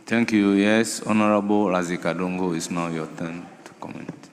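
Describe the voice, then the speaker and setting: A man's voice: deep voice, fairly even intonation, normal speed, a little hiss or hum. A man chairing a parliamentary sitting, firmly directing members. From Ghana. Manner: firm, directing. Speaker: speaker of parliament. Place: large parliament chamber. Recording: reverberant parliament chamber.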